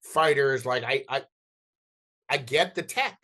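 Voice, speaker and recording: A middle-aged man from New Jersey and New York City, a podcast guest telling animated stories in casual interview talk, often acting out dialogue and restarting his sentences. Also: mid-range voice, slow pace. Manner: animated, acts out quoted dialogue, frequent restarts and "like".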